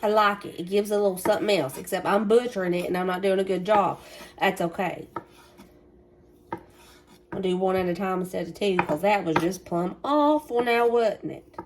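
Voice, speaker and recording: A woman's voice: medium pitch, normal speed, a little hiss or hum. A woman with a Southern US accent, chatting folksily to her viewers while she cooks in her home kitchen. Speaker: cooking vlogger. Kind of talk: casual cooking vlog.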